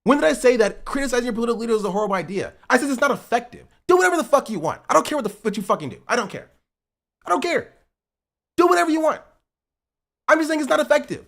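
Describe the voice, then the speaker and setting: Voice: mid-range voice, sing-song, rapid-fire, vocal fry, fairly bright tone. A streamer ranting at their live chat, lecturing in short repeated punchy phrases and swearing freely. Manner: lecturing, repetitive, profane, punchy. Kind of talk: heated livestream rant at chat.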